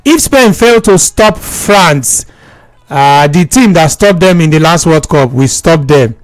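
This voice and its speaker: A man's voice: fairly high pitch, lively intonation, unhurried, no room sound. A man with a Nigerian accent hosting a casual sports call-in radio show, chatting and questioning callers. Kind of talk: casual call-in chat in Nigerian Pidgin and English.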